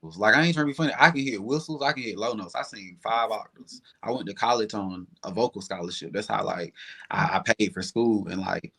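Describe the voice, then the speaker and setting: A man's voice: on the low side, brisk, creaky, bright, forceful tone, slightly rough. A young man with a Southern accent, chatting animatedly as a singer guest in an interview, with lots of "like" fillers. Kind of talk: casual interview chat.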